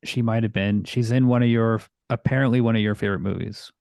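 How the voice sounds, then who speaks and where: A man's voice: on the low side, steady tone, quick pace, vocal fry, a little mellow, smooth, no room sound, studio quality. A man co-hosting a film podcast, recapping the plot in a rambling way, full of fillers. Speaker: podcast co-host. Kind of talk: casual chat.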